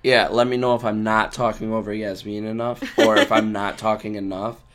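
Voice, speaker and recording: A man co-hosting a casual podcast, hoarse and rough-voiced from being sick, rambling in a loose, joking way. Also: lowish voice, little pitch movement, normal speed, fairly bright tone. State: hoarse from a cold. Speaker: podcast co-host.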